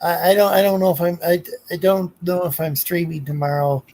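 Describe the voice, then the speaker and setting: Hesitant man talking in halting bursts. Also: sits high, flat delivery, darkish tone, rough recording. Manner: hesitant, halting, many restarts. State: unwell. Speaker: streamer. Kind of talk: casual chat.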